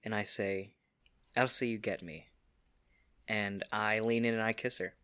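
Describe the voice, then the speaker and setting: A man playing his character in a tabletop game, rambling in an unhurried way and laughing at his own lines. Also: fairly low pitch, fairly even intonation, bright, forceful tone, clean tone. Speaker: player. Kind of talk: tabletop role-play.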